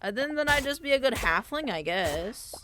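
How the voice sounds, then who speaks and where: Animated young woman streamer, rambling chat. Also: high-pitched, normal speed, slight background noise. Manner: rambling, thinking aloud, playful. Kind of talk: casual gaming stream chat.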